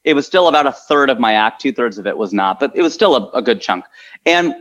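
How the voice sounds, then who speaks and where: A man who is a comedian, chatting in an interview and telling stories in an animated way, jumping into high voices for quotes. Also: fast, highs cut off. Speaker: comedian guest. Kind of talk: casual interview talk.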